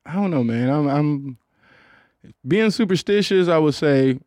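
A man's voice: fairly high pitch, lively intonation, a little slow, a little mellow, no room sound. A man hosting a podcast, chatting in a loose, rambling, profane way with lots of fillers, recorded in a studio booth. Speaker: podcast host. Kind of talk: casual podcast chat.

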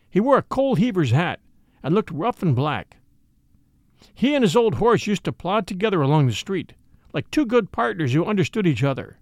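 A man who hosts a story show, narrating a classic novel in an expressive storytelling manner. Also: high voice, no echo, studio quality.

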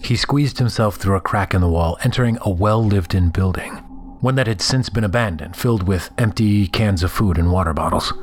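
A man with a very low voice tells a first-person horror story in scripted narration. His delivery is measured and somber, and he often sinks into hushed, whispered passages. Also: a little hiss or hum.

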